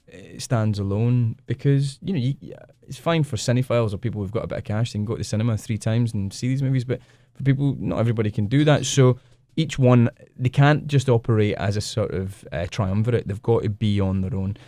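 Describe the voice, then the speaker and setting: A man's voice: fairly low pitch, fairly quick, few pauses, warm tone, dry recording, clean studio sound. A middle-aged man with a Glasgow Scottish accent, a guest actor chatting on a radio show, self-deprecating and often laughing as he tells stories. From Scotland. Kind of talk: casual radio interview chat.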